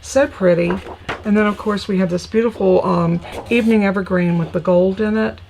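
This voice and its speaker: A woman talks her live viewers through a crafting tutorial, chatty and gushing over her papers. Her mid-range voice carries a gravelly, creaky edge, with a faint noise underneath. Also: mid-range voice, steady tone, moderate pace, darkish tone, poor audio. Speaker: crafting host.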